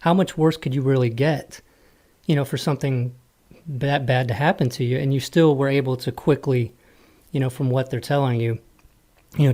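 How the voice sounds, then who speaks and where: A man's voice: medium pitch, darkish tone. A man hosting a podcast interview, chatting casually and often filling with "you know" and "like". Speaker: podcast host.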